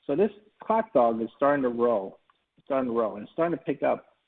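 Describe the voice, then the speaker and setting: A man's voice: medium pitch, sing-song, brisk, a little hiss or hum. A man giving a webinar talk, telling a personal story in a folksy way with many fillers. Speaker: presenter. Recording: tinny phone-line sound.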